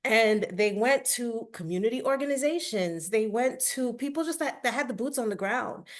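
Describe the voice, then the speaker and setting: A woman's voice: fairly high pitch, animated, normal speed. A woman speaking as a parent on a webinar panel, telling her story candidly with feeling and acting out quoted dialogue. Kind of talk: personal account on a webinar panel.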